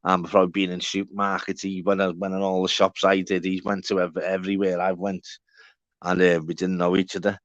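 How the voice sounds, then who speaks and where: A man's voice: low-pitched, completely flat delivery, brisk, no echo. Matey Scouse man on a lo-fi stream. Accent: Liverpool (Scouse). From Walton, Liverpool, England. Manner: rambling and matey, swears, calls viewers by name. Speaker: live stream host. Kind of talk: casual live-stream chat to viewers.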